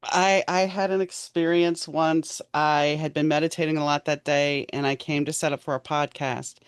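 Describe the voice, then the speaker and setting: A woman's voice: low-pitched, steady tone, normal speed, clear, resonant tone, dry recording, studio quality. A woman hosting a podcast, telling a reflective personal experience in an earnest way. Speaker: podcast host. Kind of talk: casual chat.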